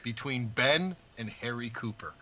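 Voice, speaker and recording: A man's voice: mid-range voice, lively intonation, unhurried, noisy background. A man co-hosting a casual chat, laid-back and joking, swearing freely.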